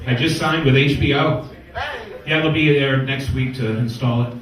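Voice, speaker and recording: New man, stand-up comic, deadpan setups; distant, heavy room reverb. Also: medium pitch, moderate pace. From New York. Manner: wisecracking, deadpan setups with punchlines. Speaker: stand-up comedian. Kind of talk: stand-up comedy set. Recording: echoey room from far off.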